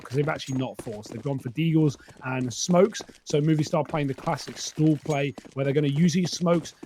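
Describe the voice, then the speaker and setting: Fairly high-voiced male esports analyst. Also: slight background noise. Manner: talks through stats and strategy, filler-laden, steady. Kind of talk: analytical color commentary.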